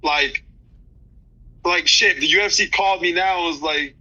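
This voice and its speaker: A man's voice: sits high, moderate pace, long pauses, pushed and bright, lo-fi sound. A man in his thirties, a fighter talking loosely in an interview, slangy, with many restarts. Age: 30s. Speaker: fighter guest. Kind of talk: casual interview chat.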